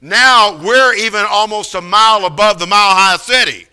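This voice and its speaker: A middle-aged man preaching, telling a story with lively acted-out voices of the people in it. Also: high-pitched, moderate pace, smooth. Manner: animated, acts out voices of others in the story. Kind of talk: sermon storytelling.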